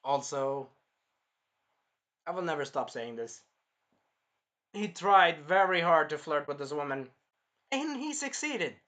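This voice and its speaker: A man in his early twenties giving a rambling, casual movie review, jumping between topics with sudden loud outbursts. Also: fairly high pitch, big pitch swings, takes it slowly, long pauses. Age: early 20s. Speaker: film reviewer.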